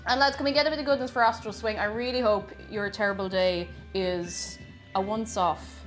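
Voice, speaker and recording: A woman's voice: mid-range voice, steady tone, normal speed, soft background music. A young woman chatting on a baking live stream, greeting viewers one by one and laughing often.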